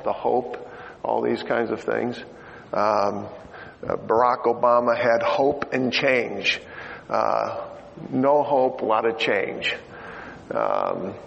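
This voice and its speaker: A man's voice: medium pitch, gravelly, a bit bright, slight background noise. An older man preaching a sermon in a chatty, joking way, with many fillers. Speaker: pastor. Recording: dull lo-fi sound in a reverberant hall.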